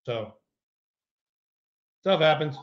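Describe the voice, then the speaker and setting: A man's voice: on the high side, lively intonation, very slow, dull audio. A middle-aged man, a former pro baseball player, chatting casually and telling colorful, profane anecdotes. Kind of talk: casual sports chat and storytelling.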